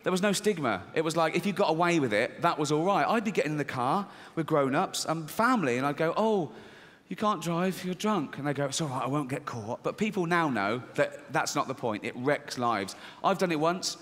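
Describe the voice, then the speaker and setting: Animated stand-up comic man in a hall. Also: brisk, hardly any pauses. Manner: deadpan, swearing, acts out high squeaky voices. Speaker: stand-up comedian. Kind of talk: stand-up comedy. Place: large theater with audience. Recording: live theater, audience laughter.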